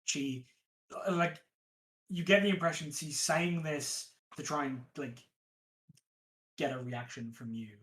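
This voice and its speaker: A woman's voice: low-pitched, a little slow, long pauses, poor audio. A woman narrating as game master in a tabletop game, hesitant and full of fillers.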